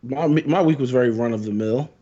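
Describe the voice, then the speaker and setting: A man co-hosting a casual podcast, easygoing and quick to laugh. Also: medium pitch, mellow, highs cut off. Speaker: podcast co-host. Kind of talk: casual chat.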